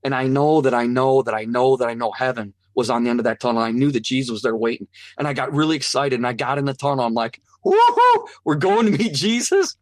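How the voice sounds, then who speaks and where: A man who is an interview guest, telling a personal testimony in an earnest, animated way and acting out what others said. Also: mid-range voice, fast, hardly any pauses, no room sound, clean studio sound. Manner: earnest, animated, acts out quoted voices.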